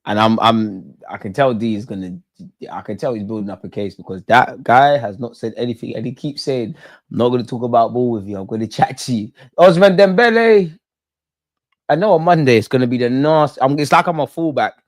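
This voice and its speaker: Guy doing live footy fan commentary, excitable and slangy, dry close sound. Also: medium pitch, quick pace, no room sound. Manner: excitable, chatty, slangy banter. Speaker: football watch-along host.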